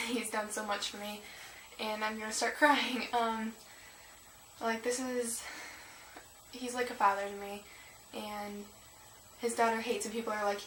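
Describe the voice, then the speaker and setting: A woman's voice: on the high side, level tone, a little slow, pauses often, fairly bright tone. A teenage girl chatting in a rambling, emotional way for her vlog, with many fillers, recorded at home on a camera mic. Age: teens. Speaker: vlogger. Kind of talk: casual confessional vlog. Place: room at home. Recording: echoey room, distant mic, noisy.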